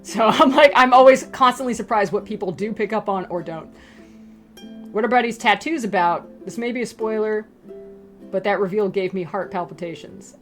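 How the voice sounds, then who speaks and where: A woman's voice: mid-range voice, moderate pace, faint music behind. A woman casually chatting through reader questions about her comic, rambling with lots of fillers and asides. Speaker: webcomic creator answering reader questions. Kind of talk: casual Q and A chat.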